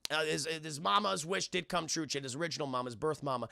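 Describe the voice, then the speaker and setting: A young man recapping a film for his live chat, profane and excitable, constantly addressing the chat. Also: on the high side, quick pace, gravelly. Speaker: streamer reviewing a film. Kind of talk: casual livestream commentary.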